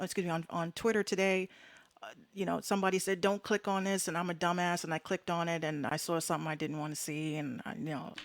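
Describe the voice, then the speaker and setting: Blunt, fired-up woman host, low voice. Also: no room sound. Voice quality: slangy, frank, swears freely. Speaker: podcast host. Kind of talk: casual solo talk.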